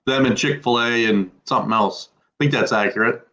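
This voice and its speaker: A man co-hosting a casual podcast, talking in a calm, measured, hedging way. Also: medium pitch, highs cut off. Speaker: podcast co-host. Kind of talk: casual chat.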